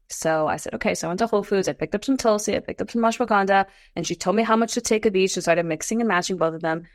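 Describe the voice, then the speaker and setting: A woman in her forties, a podcast guest, telling her story in a casual interview, animated and climbing into high exclamations. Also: rapid-fire, few pauses, no room sound, studio quality. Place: Los Angeles.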